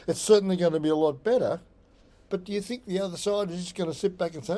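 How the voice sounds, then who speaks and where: Man, Australian accent, psychic medium, loose conversational monologue, fairly high pitch, mellow dark tone. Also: quick pace. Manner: rambling, conversational, repeats phrases. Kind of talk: solo blog monologue.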